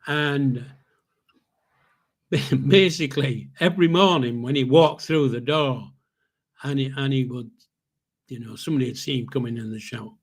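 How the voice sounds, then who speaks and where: Older male podcast host with a husky voice, rambling storyteller. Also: medium pitch, normal speed, pauses often. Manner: rambling, with restarts and chuckles. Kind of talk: casual storytelling.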